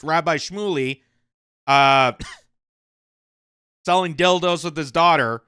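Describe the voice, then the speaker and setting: A man hosting a commentary channel, giving opinion commentary on the news in an animated, mocking way. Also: on the high side, clean tone, no room sound, clean studio sound. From Canada. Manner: animated, mocking, laughs between points.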